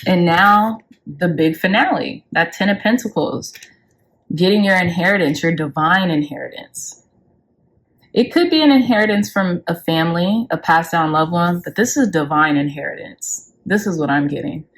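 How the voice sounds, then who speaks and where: This tarot reader, a woman doing a pick-a-card spread, speaks at a normal, expressive pace. She's effusive and emotional, throwing in casual curses and lifting her pitch sharply on important words.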